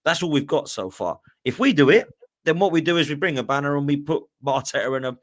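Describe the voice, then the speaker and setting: A man's voice: fairly high pitch, expressive, fast. A man on a football podcast panel, an Arsenal fan talking in a chatty way and often adding "right?". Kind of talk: casual football debate.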